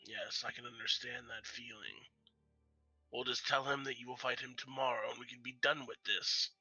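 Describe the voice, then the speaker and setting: A man's voice: mid-range voice, steady tone, normal speed, pushed and bright, slightly rough, no echo, faint music behind, exaggerated voice. A man playing an agreeable, placating adventurer in a tabletop game. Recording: dull lo-fi mic.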